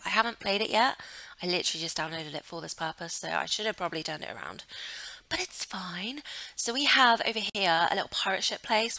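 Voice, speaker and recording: A woman's voice: medium pitch, gravelly, pushed and bright, dry recording. A young woman casually commenting while playing a life-sim game, chatty and giggly and gushing over what she sees. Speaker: gaming channel host. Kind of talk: casual let's play commentary.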